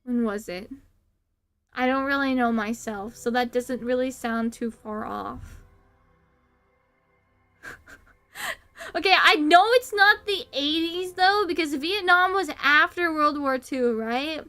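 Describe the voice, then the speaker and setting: A woman's voice: high voice, slow, pauses often, bright, forceful tone. A young woman from the United States, chatting casually on a stream. She rambles, giggles, swears casually and pokes fun at herself. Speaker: VTuber streamer.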